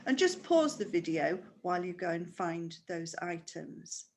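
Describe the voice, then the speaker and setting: A woman's voice: fairly low pitch, sing-song, measured pace, slight background noise. A woman teaching a primary school music lesson online, patient and explaining step by step with questions.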